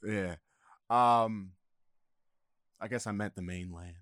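A young man, a podcast guest, chatting in a relaxed way, trailing off softly and laughing at himself. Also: on the low side, slow pace, dry recording, clean studio sound. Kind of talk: casual chat.

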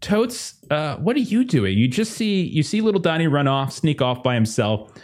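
A man running a tabletop game as game master, relaxed and casual, often repeating words. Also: on the high side, moderate pace.

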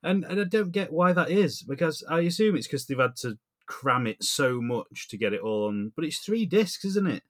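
A man's voice: on the high side, normal speed, few pauses. Rambling man, podcast co-host. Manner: rambling, animated, laughs often. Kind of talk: casual chat.

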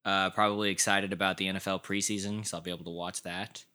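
A man co-hosting a podcast, talking in a relaxed, chatty way with lots of fillers. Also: low-pitched, fast, clear, resonant tone. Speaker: podcast co-host. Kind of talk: casual chat.

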